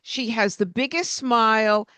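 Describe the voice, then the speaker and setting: A woman's voice: on the high side, measured pace, fairly bright tone, smooth, dry recording. A woman hosting a radio interview, asking questions and introducing her guest. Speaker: radio host.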